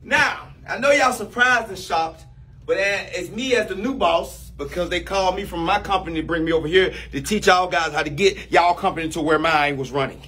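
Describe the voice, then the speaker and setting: A man playing a new boss in a comedy sketch, bossy, loud and teasing, with big swings in pitch. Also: fairly quick.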